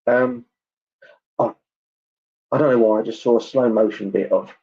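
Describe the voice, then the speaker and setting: A man gives a clairvoyant reading at a church service. His voice sits low with a husky edge. He talks in a chatty, halting way, full of ums and asides, and the online stream sounds dull and lo-fi. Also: steady tone, warm tone. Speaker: spiritualist medium.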